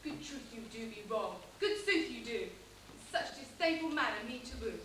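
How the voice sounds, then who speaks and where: A woman's voice: fairly high pitch, animated, moderate pace, pushed and bright. A young woman playing an insecure, lovelorn young woman, declaiming impassioned verse. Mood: indignant. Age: young adult. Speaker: amateur stage actor. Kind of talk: live school stage play. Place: school hall stage. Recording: echoey hall, distant mic, faint hiss.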